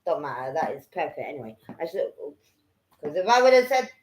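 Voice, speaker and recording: A woman telling a story in casual chat, animated and profane, acting out what people said. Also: sits low, brisk, a little hiss or hum. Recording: echoey room.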